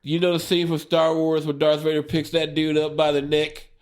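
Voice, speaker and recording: A man in his forties, a stand-up comedian, tells a story on a podcast. His voice sits a bit high for a man, and he talks in an animated, profane way, laughing through the tale. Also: normal speed.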